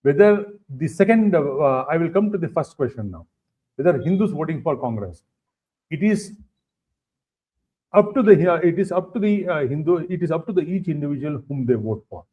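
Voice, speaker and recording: A man with an Indian English accent, a political guest answering interview questions in a halting way, full of fillers and repeated phrases. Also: on the high side, animated. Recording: dull lo-fi stream audio.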